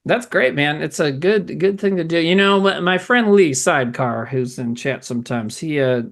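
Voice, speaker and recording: A man's voice: fairly high pitch, moderate pace, vocal fry, fairly bright tone. A middle-aged man co-hosting a podcast, chatting casually and rambling, swearing and laughing often. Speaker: podcast co-host. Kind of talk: casual chat.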